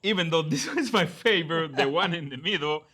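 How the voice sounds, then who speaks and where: Bright-voiced, enthusiastic male food host. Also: on the high side, animated, fairly quick. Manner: enthusiastic, exclaiming over flavors. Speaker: cooking show host. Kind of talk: casual food tasting chat.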